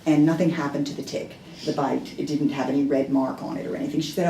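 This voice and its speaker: A woman's voice: sits low, fairly even intonation, fast, mellow, slight background noise. A woman giving a dharma talk, telling a personal story in a candid, self-deprecating way, with hesitant restarts. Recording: echoey room heard from a distance.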